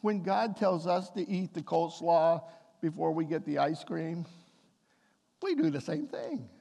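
A man's voice: on the high side, expressive, a little slow, creaky, warm tone. A man preaching a sermon as a pastor, telling a family story and then building to emphatic appeals. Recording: long hall reverb.

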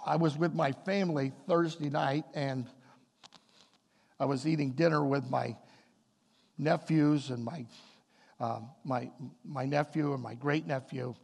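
A man with a high, gravelly voice preaches a sermon in a church. He moves between homely storytelling and emphatic, building appeals to the congregation. His voice rings out with a long hall reverb behind it. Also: fairly even intonation, unhurried, long pauses, darkish tone. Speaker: pastor.

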